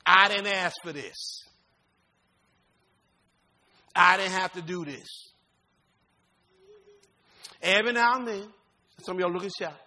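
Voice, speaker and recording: A man pastor preaching a sermon, folksy and informal, swinging from loud rising shouts to low quiet talk. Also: unhurried, long pauses.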